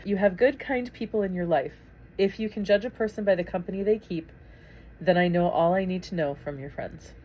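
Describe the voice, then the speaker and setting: Midwestern mom vlogger, kinda low voice, chatty and gushy, laughs a lot while she talks to the camera. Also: brisk, muffled recording, a little hiss or hum. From Minnesota. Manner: chatty and effusive, laughs often. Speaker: parent vlogger. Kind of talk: casual storytelling to camera.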